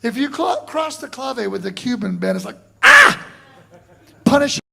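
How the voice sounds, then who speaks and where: High gravelly man telling a story. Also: fairly quick. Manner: animated, acts out other voices with shouts. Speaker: drum clinician. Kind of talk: storytelling at a masterclass. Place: college classroom before an audience.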